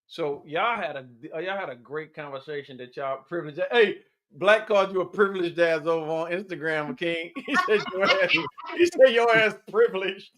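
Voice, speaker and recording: A man's voice: high-pitched, expressive, normal speed. A man co-hosting a podcast, joking around in casual banter with a slangy way of speaking. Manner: loud laughing, playful slangy joking. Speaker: podcast co-host.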